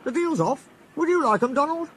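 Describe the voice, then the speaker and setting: A man voicing a cheeky, bright little male tank engine who plays innocent. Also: very high voice, lively intonation, brisk, slight background noise, pitched above the performer's own voice. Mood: teasing.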